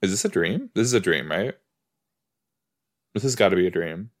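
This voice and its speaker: Low-pitched and lively in intonation, a man talks at a moderate pace as he watches a TV episode on an indoor couch. He rambles casually, drifts off topic easily and keeps breaking into exclamations.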